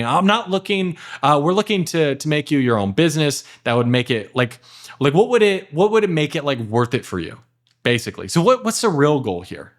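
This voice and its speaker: A man giving a casual, energetic sales lesson at his computer, talking fast with lots of fillers and acting out sales calls. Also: fairly high pitch. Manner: energetic, emphatic, acts out sales dialogue with many "like" and "okay" fillers. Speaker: sales trainer. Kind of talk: casual instructional talk to camera.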